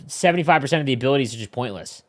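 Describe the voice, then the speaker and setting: Man, average pitch, casual podcast chat, rambling, talks over others. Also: expressive, rapid-fire. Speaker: podcast co-host.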